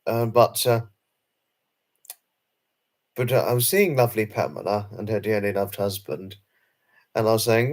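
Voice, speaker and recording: A man's voice: on the low side, normal speed, long pauses, a little mellow. Chatty rambling British man hosting. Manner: chatty and rambling, with frequent fillers and self-conscious laughs. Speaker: livestream host. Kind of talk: casual live chat reading viewer comments.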